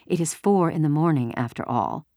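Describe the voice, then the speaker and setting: A woman voicing a quiet, polite mother protecting her sleeping children in a storybook reading. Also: sits low, lively intonation, normal speed, dry recording, studio quality. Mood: pleading. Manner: soft and polite.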